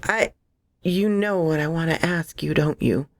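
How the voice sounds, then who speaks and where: A woman's voice: low voice, unhurried, dry recording, clean studio sound. A woman voicing a terrified young woman who urgently demands answers. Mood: urgent, scared. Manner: urgent and insistent.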